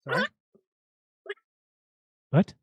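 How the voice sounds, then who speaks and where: A man's voice: drawn-out words, no room sound. A man hosting a live panel show, arguing his points emphatically in casual chat.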